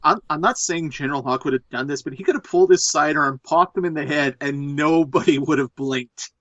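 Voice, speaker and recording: Animated, profane man on a lo-fi mic. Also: on the high side, brisk, no room sound. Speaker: podcast host. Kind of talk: casual movie commentary.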